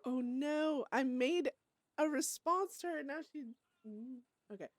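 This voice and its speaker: A woman's voice: high-pitched, animated, moderate pace, no room sound. A woman streaming a roleplay game, chatting casually, laughing often and swearing as she reads in-game letters aloud.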